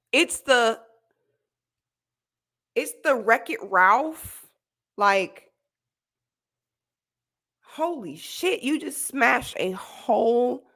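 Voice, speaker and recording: A woman with a fairly high, slightly bright voice hosts a reaction commentary for her viewers. She exclaims dramatically and rambles in casual slang, often restarting her sentences.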